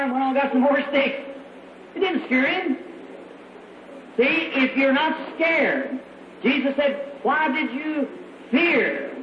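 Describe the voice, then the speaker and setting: A man preaches with fervent, folksy conviction, his voice pitched unusually high. The sound is muffled and old, as if taped in a roomy hall, with a faint hum of the room behind him. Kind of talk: sermon. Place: church meeting hall. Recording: echoey, dull old hall recording.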